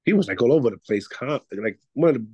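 A man's voice: medium pitch, expressive, fast, a little mellow, slightly rough, dry recording, muffled recording. A man from Puerto Rico, an actor and comedian, chatting loosely in an interview, full of restarts and "you know.". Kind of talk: casual interview chat.

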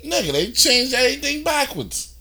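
A man co-hosting a podcast in casual chat, with excitable, slangy banter. He laughs readily and sometimes trails into mumbling. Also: very high-pitched, normal speed. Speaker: podcast co-host.

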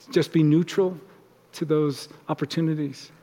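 Pastor guy giving a casual sermon, kinda high voice, big echoey church hall. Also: fairly even intonation, moderate pace, mellow. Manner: conversational, acts out little example dialogues.

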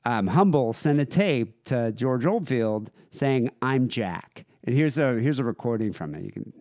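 A man's voice: mid-range voice, animated, measured pace, a little mellow, no echo. Man telling a true-crime story, dry mic. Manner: conversational, many fillers and asides. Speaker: podcast co-host.

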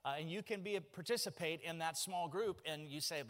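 A pastor in his forties delivers a folksy, joking sermon in a church, telling stories in an animated way. His voice is on the high side and a little fast, with the long reverb of a church hall around it.

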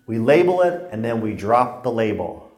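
At a workshop on stress, a man lectures in a conversational, joking manner, acting out the exchanges he quotes between anecdotes. His voice is medium in pitch with big swings, darkish in tone, and delivered at normal speed. The hall sound is roomy.

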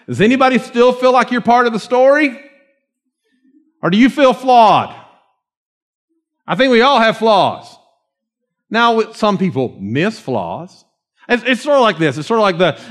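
Animated man preaching a sermon. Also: sits high. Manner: animated, conversational preaching with slow, hushed readings of scripture. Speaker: pastor.

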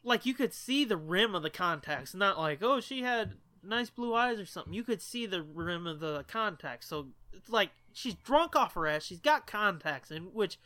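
Bright-voiced, profane man telling stories. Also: high-pitched, lively intonation, moderate pace, hardly any pauses. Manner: profane, laughing, rambling. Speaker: podcast co-host. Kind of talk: casual storytelling chat.

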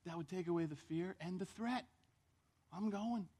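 A male pastor preaching a sermon in church, telling the story with lively acted-out voices. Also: sits high, brisk, breathy edge.

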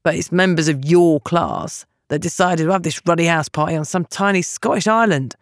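A woman voicing a gruff, sardonic young man who grumbles bluntly and uses rough slang. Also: on the low side, moderate pace, dry recording, studio quality, close to an everyday voice. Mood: grumbling.

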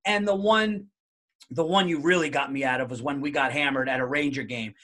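A man's voice: medium pitch, a little fast, bright, forceful tone. A middle-aged man hosting a podcast, telling stories on himself with lots of laughter. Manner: laughing, self-mocking storyteller. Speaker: podcast host. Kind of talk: casual podcast chat.

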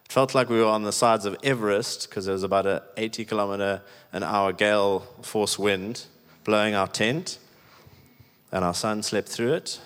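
A man's voice: on the low side, normal speed, a bit bright, clear, resonant tone. A man preaching a sermon in a chatty, emphatic way, with many "like"s. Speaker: pastor. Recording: echoey hall with long reverb.

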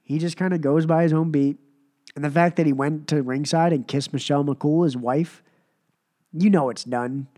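A man's voice: a little high, fairly even intonation, normal speed, mellow. A man hosts a wrestling podcast while sick, his voice worn and thin. He rambles through a casual reaction, stacking repeated phrases for emphasis. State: sick and short on voice.

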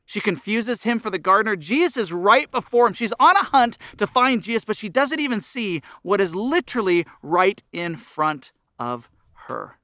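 A man's voice: sits high, big pitch swings, moderate pace, few pauses, bright, forceful tone, dry recording, studio quality. A middle-aged man preaching a sermon as pastor, earnest, his voice rising and dropping for emphasis.

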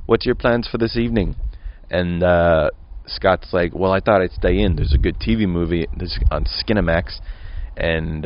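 Deep-voiced man telling rambling stories. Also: no echo, highs cut off. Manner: rambling and profane, quotes himself and friends in raised voices. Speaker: podcast host. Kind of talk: casual monologue storytelling. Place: at home.

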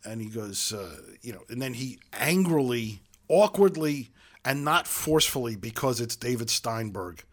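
A man's voice: mid-range voice, lively intonation, moderate pace. A man co-hosting a casual film podcast, telling the plot in a loose, rambling way full of fillers. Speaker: podcast co-host. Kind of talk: casual film-review chat.

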